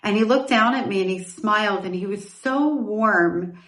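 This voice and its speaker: A woman's voice: medium pitch, normal speed, a bit bright, roomy sound, recorded from a distance. A middle-aged woman hosting a podcast, telling a personal story in a candid, reflective way with asides and self-corrections. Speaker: podcast host.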